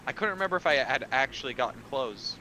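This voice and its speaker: A man playing a tabletop game, chatting casually and hesitantly while he thinks out loud. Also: medium pitch, expressive, quick pace, slight background noise, poor audio. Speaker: player.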